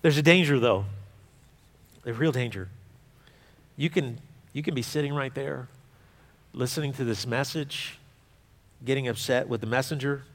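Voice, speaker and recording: A man preaching a sermon as a pastor, talking to the congregation in a conversational way that swings between forceful emphasis and quiet asides. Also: mid-range voice, moderate pace, pauses often. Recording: long hall reverb.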